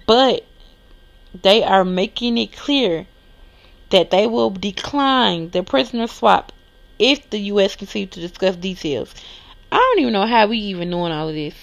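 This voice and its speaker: A woman's voice: mid-range voice, vocal fry. A woman hosting a solo news podcast, reading articles aloud and reacting casually. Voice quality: lisp. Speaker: podcast host.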